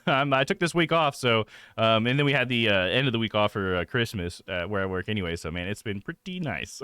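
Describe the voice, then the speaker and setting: A man's voice: mid-range voice, sharp tone, clean tone, dry recording, clean studio sound. A young man chatting casually with viewers on a live stream, laid-back and swearing freely. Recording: game music behind.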